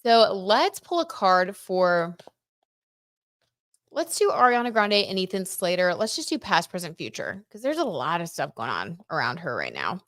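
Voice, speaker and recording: A woman's voice: lowish voice, huge pitch swings, moderate pace, fairly bright tone, no echo, clean studio sound. A woman hosting a casual tarot livestream, chatting loosely and reading viewer comments aloud. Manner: chatty, reads viewer comments aloud, frequent "like" and "I don't know". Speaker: tarot reader and livestream host.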